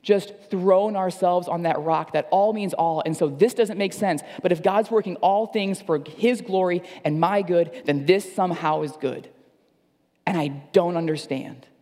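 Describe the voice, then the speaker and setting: A man's voice: sits high, unhurried, warm tone, in a large hall. A man preaching a sermon as pastor, earnest and repeating phrases for emphasis. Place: church service.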